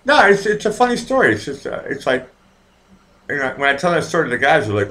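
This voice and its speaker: A lively, foul-mouthed Boston man hosts a livestream, reading out viewer comments in casual chat. His mid-range voice moves fast as he rambles through stories full of fillers and false starts.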